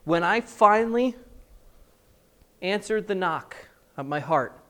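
A male preacher telling a personal story in a sermon, animated, with emphatic repetition. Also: sits high, slow pace, clear, resonant tone.

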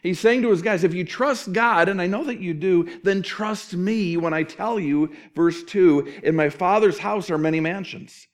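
A middle-aged man preaching a sermon, conversational and lively, tossing in rhetorical questions and quoted asides. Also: sits high, moderate pace, hardly any pauses. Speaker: pastor.

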